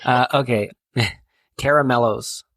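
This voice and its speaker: A man's voice: mid-range voice, slow pace, a bit bright, dry recording. Joking, foul-mouthed American man. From New Hampshire, USA. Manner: laughing, profane, joking. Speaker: race director, podcast guest. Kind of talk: casual interview chat.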